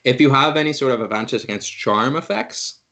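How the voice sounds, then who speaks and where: A man's voice: medium pitch, fairly quick, pushed and bright. A man narrating a tabletop game as game master, playful and often laughing. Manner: playful, laughing, voices creatures in short bursts.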